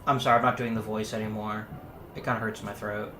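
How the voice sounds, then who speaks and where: A man hosting a let's play, reading a story game aloud with animated asides. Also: fairly low pitch, fast. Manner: animated, gasping reactions. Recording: roomy echo, faint noise.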